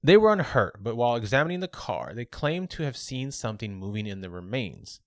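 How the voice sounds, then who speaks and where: A man co-hosting a podcast, casually telling a local legend with relaxed fillers and restarts. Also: medium pitch, fairly quick, no echo, clean studio sound. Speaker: podcast co-host.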